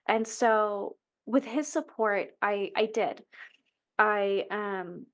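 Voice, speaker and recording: A woman's voice: mid-range voice, very slow, fairly bright tone. A woman in her thirties, a podcast guest, candidly telling a personal story in an earnest, emotional way, often restarting her sentences. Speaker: interview guest.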